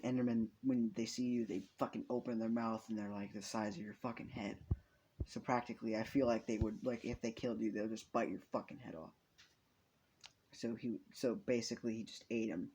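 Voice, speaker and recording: A man's voice: fairly low pitch, fairly even intonation, normal speed, a little mellow, a little hiss or hum. A young man improvising a fan story aloud, rambling and swearing, with frequent restarts.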